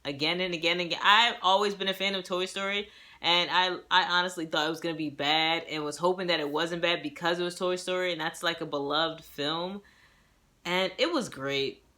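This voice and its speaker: A young woman with a bright, crisp voice chats her way through a movie review. She rambles happily, laughs easily and acts out her own reactions as she gushes. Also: lowish voice, steady tone, a little fast. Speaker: movie reviewer and self-published author. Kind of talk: casual movie review vlog.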